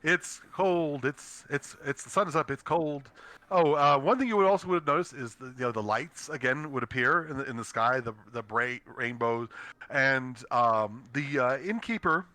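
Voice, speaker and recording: A man's voice: medium pitch, moderate pace, pushed and bright, no echo. A man running a tabletop game as dungeon master, narrating with many fillers, restarts and easy laughs. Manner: laughs easily.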